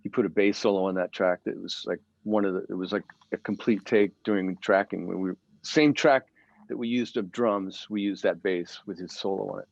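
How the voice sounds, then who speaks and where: A middle-aged man talks loosely through his recording sessions, with a low voice and plenty of ums and restarts. The sound is dull and lo-fi, as if from a video call, and dry with no room around it. He speaks as a guest in a casual interview. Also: fairly quick, vocal fry, no echo. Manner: relaxed storyteller, many fillers and restarts. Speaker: guitarist guest.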